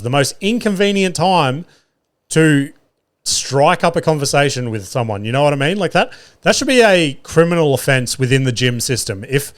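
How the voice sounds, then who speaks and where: A man in his thirties hosts a laid-back solo podcast. He talks in a middle pitch, close to the mic, and spins profane, exasperated stories punctuated by wry laughter. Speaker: podcast host. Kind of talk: casual solo podcast monologue.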